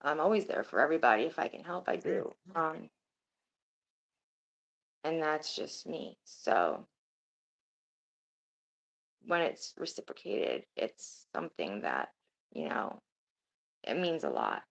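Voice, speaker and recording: A woman's voice: sits low, sing-song, takes it slowly, creaky, long pauses, low-quality recording. A woman streaming and chatting casually with her viewers, rambling and swearing now and then. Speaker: streamer talking to her chat. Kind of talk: casual livestream chat.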